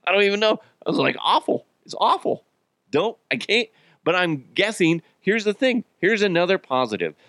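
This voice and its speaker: A man's voice: fairly high pitch, a bit bright, no echo, clean studio sound. A man hosting a casual solo podcast, rambling and joking at his own expense, swearing freely and laughing often while he's a bit sick. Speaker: podcast host.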